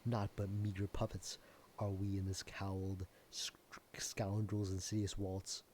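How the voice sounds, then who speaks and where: A man voicing a gloomy theatrical figure who laments death in hushed, overwrought old-fashioned speech. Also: fairly low pitch, flat delivery, a little slow, slight background noise, close to an everyday voice. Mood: melodramatic.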